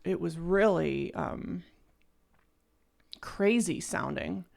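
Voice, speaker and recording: A woman hosting a casual first-listen music reaction, gushing and soft-spoken, often stopping and restarting her sentences. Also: lowish voice, drawn-out words, gravelly.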